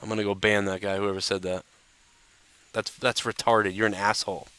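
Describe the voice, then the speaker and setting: A man hosting a live stream rants casually, rambling and cursing freely with constant fillers like "you know." His voice is on the low side, bright and forceful, smooth and clear, with a flat, fairly quick delivery. The sound is dry and close to the mic, with no room sound.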